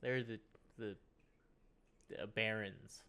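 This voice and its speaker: A man's voice: on the low side, steady tone, takes it slowly, pushed and bright. A young man co-hosting a music podcast, chatting casually with sarcastic jokes and swearing. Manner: joking, sarcastic, swears freely. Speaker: podcast co-host. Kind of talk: casual chat.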